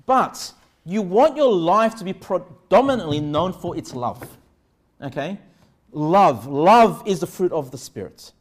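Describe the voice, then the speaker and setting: Pastor guy preaching, high voice, earnest, lots of questions to the crowd. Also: expressive. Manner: slow, deliberate scripture reading. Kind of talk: sermon.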